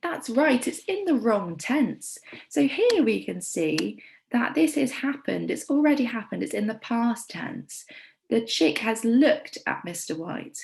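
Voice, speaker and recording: Encouraging English woman teacher, slight gravel. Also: a little high, sing-song, unhurried, a little mellow, low-quality recording. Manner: encouraging, clear teacher talk. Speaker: primary school teacher. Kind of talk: recorded remote lesson.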